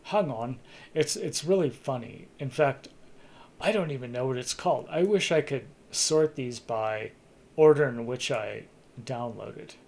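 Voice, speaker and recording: Sleepy guy streamer rambling on, gravelly voice, lots of restarts. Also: mid-range voice, unhurried, a little mellow. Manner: rambling, restarts mid-thought, chuckles. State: tired. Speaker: streamer hosting a talk segment. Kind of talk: casual live-stream chat.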